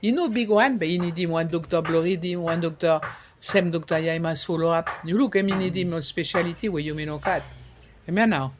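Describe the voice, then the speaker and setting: A man, explaining things in an interview in a halting way, repeating words and slipping into French. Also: fairly high pitch, lo-fi sound, noisy background. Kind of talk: conversational explaining.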